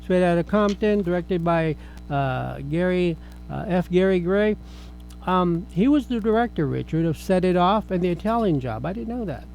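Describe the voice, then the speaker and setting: A middle-aged man with a high voice hosts a relaxed film review chat. His tone is mellow and soft-edged, and he rambles along, restarting sentences as thoughts occur to him. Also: moderate pace, gravelly, slight background noise, poor audio. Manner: chatty, rambling, with frequent restarts. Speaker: film review show host.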